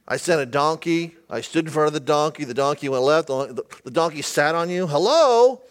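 A man's voice: on the high side, lively intonation, moderate pace, pitched below the performer's own voice, natural voice. A man putting on an exasperated God. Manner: exasperated, sarcastic.

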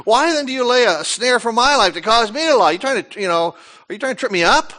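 A man's voice: a little high, expressive, moderate pace, fairly bright tone. A man voicing a wary female medium. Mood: suspicious. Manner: defensive, suspicious questioning. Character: frightened medium woman confronting a disguised king.

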